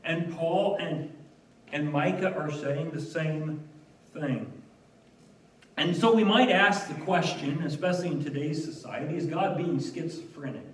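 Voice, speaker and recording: A man delivers a sermon in a fairly high voice, earnest and emphatic, dropping in the odd wry aside. The sound is roomy and echoing, as in a church, and he stands some way back from the microphone. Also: unhurried, slight background noise. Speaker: preacher. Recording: echoey room, voice from a distance.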